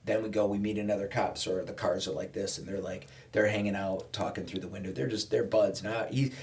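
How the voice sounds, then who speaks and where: A man with a fairly low voice tells a story in a relaxed podcast conversation. He is animated and acts out the people he quotes with changes in voice. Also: fairly quick. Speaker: podcast guest. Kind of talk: casual storytelling chat.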